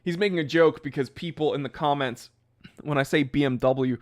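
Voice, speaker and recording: Casual American male streamer, slightly higher voice, chatty, breaks into goofy impressions. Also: a little fast. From United States. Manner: chatty and animated, jumps into goofy impressions of people. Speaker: watch channel host reading live chat. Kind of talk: casual livestream chat.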